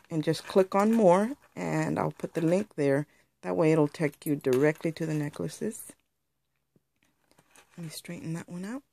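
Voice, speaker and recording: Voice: medium pitch, vocal fry, darkish tone. A crafter chatting through a casual show-and-tell tutorial on handmade jewelry, rambling and explaining step by step.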